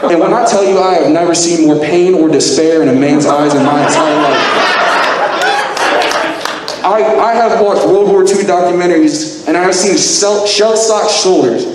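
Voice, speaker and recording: A young man doing stand-up at an open mic, telling a self-mocking, profane story with lively timing. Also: sits high, normal speed. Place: large convention hall with live audience. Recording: echoey hall, distant mic, noisy.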